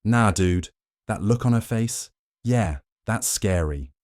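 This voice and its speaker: A man's voice: lowish voice, expressive, slow, a little mellow, dry recording, studio quality, pitched above the performer's own voice. A man voicing a cocky, joking young male werewolf guard who talks in laid-back slang. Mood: casual.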